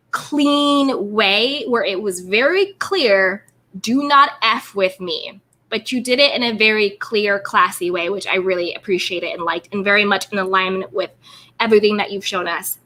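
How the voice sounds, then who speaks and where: Hosting an interview, a woman chats casually and with emphasis, repeating words and filling gaps with "like" again and again. Her mid-range voice moves at a normal speed and has a sharp edge.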